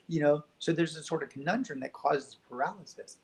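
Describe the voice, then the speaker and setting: A man speaking as a guest in a reflective spiritual conversation, soft, gentle and unhurried. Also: on the high side, low-quality recording. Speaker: podcast guest.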